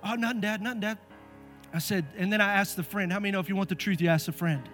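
Middle-aged man preaching in church, higher voice, lively and playful telling of stories. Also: rapid-fire, faint music behind. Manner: animated, acts out voices in stories. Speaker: pastor. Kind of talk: sermon with storytelling. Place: church sanctuary.

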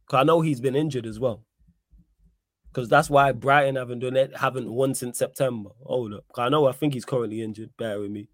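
A man's voice: mid-range voice, a little fast, no echo, clean studio sound. A man hosting a casual football podcast, talking in an emphatic, opinionated way and repeating his points. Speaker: podcast host. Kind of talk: casual football chat with live chat readout.

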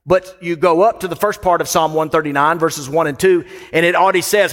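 A man's voice: a little high, steady tone, a little fast, few pauses, a bit bright. A man delivering a sermon as pastor, conversational and storytelling, with asides to the congregation. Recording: long hall reverb.

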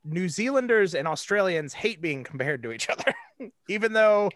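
A man's voice: sits high, lively intonation, moderate pace, fairly bright tone, no echo. A man hosting a podcast in casual chat, rambling with lots of fillers and frequent laughter. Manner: giggly, rambling with many fillers. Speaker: podcast host.

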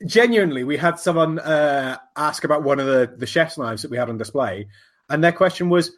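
A man hosting a podcast, easygoing and casual with plenty of swearing. His voice is slightly husky and lively in pitch, rising and falling a lot. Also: brisk. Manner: laid-back, swears casually. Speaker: podcast host.

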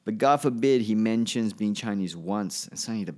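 A male comedian rambles through a solo podcast monologue in a lowish, slightly mellow voice at a brisk clip. He's offhand and keeps trailing off, then starting his sentences over.

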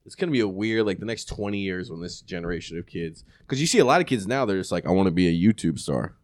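A man with a fairly low voice that swings widely as he talks, telling tour stories in a loose, rambling way. He chats casually and laughs into his own anecdotes. The sound is dry and close, with no room echo. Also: lively intonation, fast. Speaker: comedian. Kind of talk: casual podcast chat. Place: Sacramento area.

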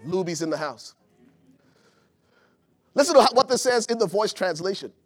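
A man preaching a sermon to his congregation, swinging from loud urgent peaks to low soft passages and calling out to the room. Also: animated, moderate pace. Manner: calls out to the congregation. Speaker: pastor. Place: church before a live congregation.

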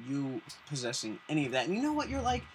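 A man telling a story casually on a podcast, animated and swearing, acting out the other people in his story. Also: fairly high pitch, fast talker, a little hiss or hum, poor audio. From Denver area. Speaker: podcast guest, artist.

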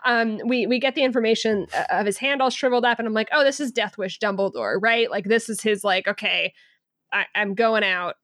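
A woman's voice: fairly high pitch, quick pace, hardly any pauses, fairly bright tone, no echo, studio quality. A woman co-hosting a podcast, talking casually and hesitantly with many fillers. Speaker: podcast co-host. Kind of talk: casual chat.

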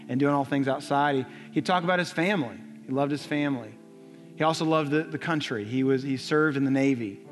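A young adult man preaching a sermon in a church, telling a story with earnest repetition. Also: medium pitch. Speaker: pastor. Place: church sanctuary. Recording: long church reverb, soft music.

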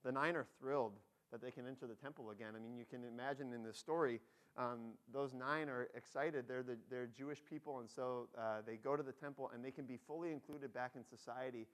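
A pastor preaching a sermon, telling the story with feeling, acting out excited voices and dropping soft on key points. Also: male voice, medium pitch, fairly quick.

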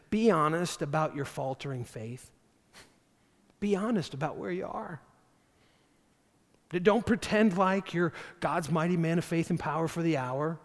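A man preaching a sermon as pastor, animated and acting out the voices of the figures he quotes. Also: fairly high pitch. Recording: long hall reverb.

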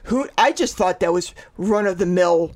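A man's voice: high voice, moderate pace. A man co-hosting a podcast in rambling, sarcastic casual chat, swearing freely. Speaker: podcast co-host.

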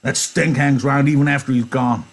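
A man's voice: medium pitch, fairly even intonation, moderate pace, voice pushed up, natural voice. A man voicing a blunt, heavy-set, pushy male ranch hand, reading a novel aloud in class. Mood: irritated. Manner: loud, insistent, hard-pressing delivery.

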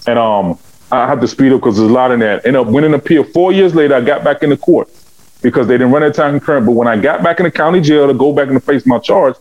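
A man's voice: medium pitch, fast talker, a little mellow, dull audio. A man telling his life story as an interview guest. He speaks fervently and animatedly, acting out the dialogue with big swings in his voice. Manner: fervent and preaching. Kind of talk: emotional testimony storytelling.

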